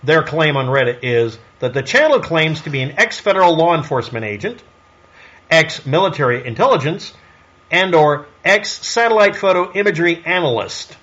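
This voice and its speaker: A man's voice: fairly high pitch, expressive, normal speed, a bit bright, muffled recording. A man delivering a solo commentary monologue in a snarky, sarcastic way, firing off rhetorical questions. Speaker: online commentator.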